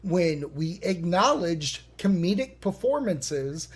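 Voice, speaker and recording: A man co-hosting a podcast, chatting in a relaxed, agreeable way and swearing casually. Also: sits high, slow pace, husky. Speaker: podcast co-host. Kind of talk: casual chat.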